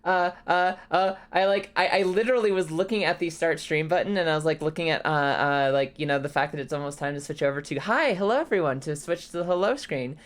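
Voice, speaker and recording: A young woman streamer chatting casually and congested, rambling, swearing freely and breaking into high laughs. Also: fast, hardly any pauses. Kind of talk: casual live-stream chat.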